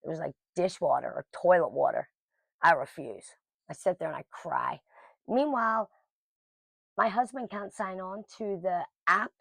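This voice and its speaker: A woman's voice: on the low side, unhurried, gravelly, no room sound. A middle-aged woman telling a personal story to camera in a casual, blunt and emotional way. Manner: emotional, blunt, lively quoting of others.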